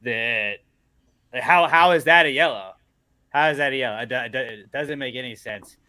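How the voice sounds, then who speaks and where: Bright-voiced indignant male podcast co-host. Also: mid-range voice, normal speed, dry recording. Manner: indignant ranting, deadpan jokes. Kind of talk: casual sports chat.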